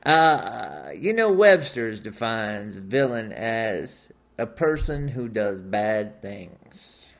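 A man's voice: lowish voice, big pitch swings, extremely slow, vocal fry, few pauses, a bit bright, pitched below the performer's own voice, full character voice. A man putting on a laid-back, drawling, flirty charmer at a comedy awards sketch.

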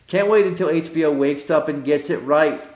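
A man's voice: fairly high pitch, a little fast, a little mellow. A man co-hosting a casual comedy podcast, tossing in dry one-liners and puns. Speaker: podcast co-host. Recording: roomy echo.

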